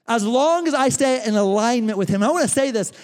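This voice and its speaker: A man preaching a sermon to his congregation, animated and out of breath, addressing them directly. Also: very high-pitched, a little fast. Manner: animated, talks straight to the congregation. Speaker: pastor. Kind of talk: sermon with a live running demonstration. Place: church sanctuary. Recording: long reverb of a large church hall.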